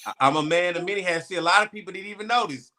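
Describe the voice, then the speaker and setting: A man's voice: high-pitched, very fast, bright, forceful tone, slight background noise. A man in casual chat, telling laid-back slangy stories about a game.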